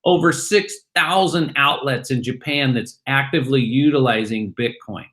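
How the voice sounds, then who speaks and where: A middle-aged man, a guest from a crypto company, talking excitedly in an interview and acting out snippets of conversation. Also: mid-range voice, normal speed. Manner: excited, acts out bar chatter in voices. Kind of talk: animated interview talk.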